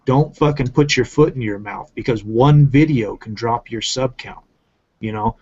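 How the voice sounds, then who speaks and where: A man's voice: medium pitch, normal speed, a little mellow, husky. A man ranting in casual commentary, swearing often and repeating himself for emphasis. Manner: profane, emphatic, repetitive ranting. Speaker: channel host. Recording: muffled lo-fi audio.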